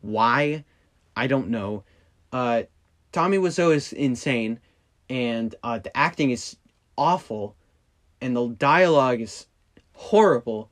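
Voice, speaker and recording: Young guy rambling thru his own podcast, apologizes a lot, lots of ums, mid pitch. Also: expressive, slow pace, pauses often. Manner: rambling, self-deprecating, with fillers and restarts. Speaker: podcast host. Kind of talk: casual solo podcast chat.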